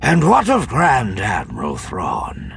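A man voicing a sinister, gloating dark Jedi master in an audiobook, speaking slowly and theatrically. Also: lowish voice, huge pitch swings, creaky, a little hiss or hum, voice pushed up, exaggerated voice. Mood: amused. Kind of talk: audiobook narration.

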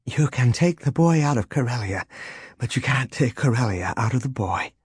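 A man's voice: mid-range voice, lively intonation, moderate pace, husky, no room sound, clean studio sound. A man voicing a wry, reserved adult woman with an understated way of talking.

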